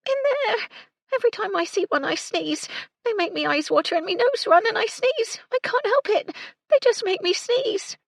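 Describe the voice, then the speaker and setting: A woman's voice: very high voice, lively intonation, normal speed, vocal fry, dry recording, voice pushed up, exaggerated voice. A woman voicing a timid young kitchen maid, wailing and pleading. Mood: whining.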